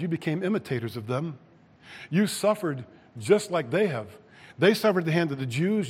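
A man's voice: mid-range voice, big-room sound. A man preaching a sermon, reading scripture and rising to emphatic peaks. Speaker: pastor.

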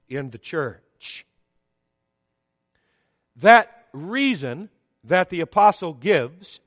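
A man preaching a sermon in a church, with measured, emphatic delivery that swings up and down on key words. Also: fairly high pitch, clean studio sound. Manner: emphatic, measured preaching with rising and falling stresses. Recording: long hall reverb.

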